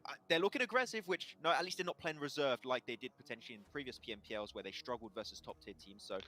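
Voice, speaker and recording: A man analysing esports matches on a watch party desk, talking rapidly in gamer slang. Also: mid-range voice, bright, forceful tone.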